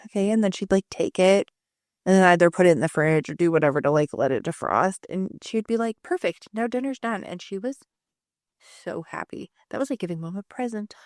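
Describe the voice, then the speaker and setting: A woman in her thirties co-hosts a podcast, telling stories in a relaxed, chatty way packed with fillers. She speaks fairly quickly in a lowish, darkish voice. The recording is studio quality with no echo.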